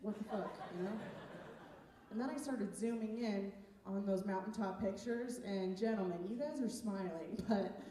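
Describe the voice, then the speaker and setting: On a comedy club stage, a woman does a stand-up set, chatty and self-mocking, laughing at her own jokes. Her mid-range voice moves at a moderate pace. The recording is noisy and echoey, picked up far from the mic.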